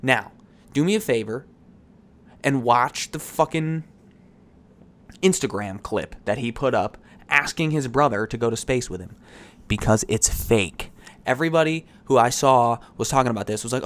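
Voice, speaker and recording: A man's voice: mid-range voice, animated, normal speed, pauses often, a bit bright. A man hosting a podcast, ranting with heated sarcasm and swearing. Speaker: podcast host. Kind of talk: ranting commentary.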